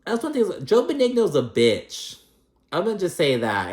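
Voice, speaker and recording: Profane, animated man in an echoey room. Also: on the high side, normal speed. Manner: profane, animated, acts out quotes. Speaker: host. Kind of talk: casual recap commentary.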